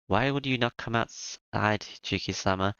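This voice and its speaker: A man reading the part of a gentle, devoted young maid woman from a game, with a halting delivery full of small fillers. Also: on the low side, smooth, no echo. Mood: pleading. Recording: dull lo-fi with music behind.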